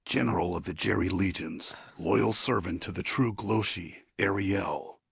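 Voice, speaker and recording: A man's voice: deep voice, unhurried, creaky, breathy edge, no room sound, studio quality, full character voice. A text-to-speech man voicing a grim vengeful warlord. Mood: grim, solemn. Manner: solemn, declaiming text-to-speech read-out. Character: vengeful male warlord general, grim and solemn.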